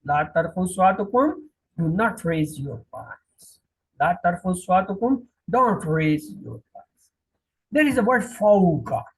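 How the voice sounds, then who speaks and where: A man teaching a classroom Quran lesson, drilling each word slowly and repeating the meanings. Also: high voice, big pitch swings, husky, rough recording. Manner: slow, repetitive, drilling word by word.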